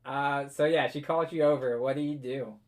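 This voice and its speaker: Narrating as game master for a tabletop game, this man keeps things relaxed and laughs frequently. His mid-range voice moves at a brisk clip.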